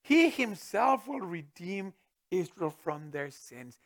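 A middle-aged man preaching a sermon as pastor, swinging from booming to hushed with chuckling asides. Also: very animated, takes it slowly.

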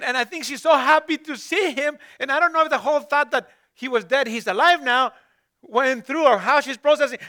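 A man's voice: very high-pitched, pushed and bright. A man preaching a conversational sermon, asking his listeners rhetorical questions and addressing some of them by name.

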